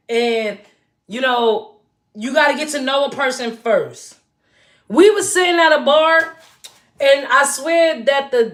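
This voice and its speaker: A woman's voice: sits high, a bit bright. A woman in her forties, hosting a casual livestream chat, talking straight to her viewers in a chatty, emphatic way. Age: 40s. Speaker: livestream host.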